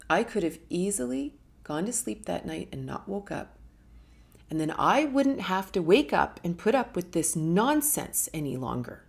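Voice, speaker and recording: Candid woman with a gravelly low voice. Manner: candid and emotional, acts out quotes with whispers. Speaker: host answering viewer questions. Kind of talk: live Q&A talk.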